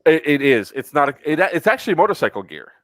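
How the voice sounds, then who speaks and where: A man hosting a casual podcast chat, telling a long story in an animated, exasperated and profane way. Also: on the high side, fast, no room sound. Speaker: podcast host.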